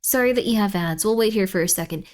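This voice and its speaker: A woman's voice: mid-range voice, fast, darkish tone. A woman streamer chatting casually on a livestream, rambling and playfully emphatic.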